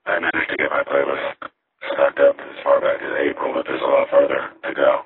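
A man's voice: rumbling low, monotone, brisk, vocal fry. A man talking casually in a rambling, dry way while out walking in a windy, cold city. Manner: rambling, dry, with frequent restarts. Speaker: vlogger. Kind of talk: casual walking vlog monologue. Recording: tinny phone-like recording.

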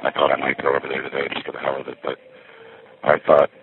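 A man walks through a busy city, recording a rambling vlog on his phone and sounding a little winded as he muses, meanders and interrupts himself. His very deep, monotone voice comes out fast with a breathy edge, and the tinny phone-like recording has no echo, just faint music.

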